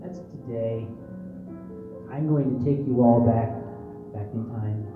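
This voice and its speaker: A man from Canada telling comic stories live at a convention, theatrical, from hushed asides to booming shouts. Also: takes it slowly, echoey room, far from the mic, narrow, tinny audio, over music. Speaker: storyteller. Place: convention event room.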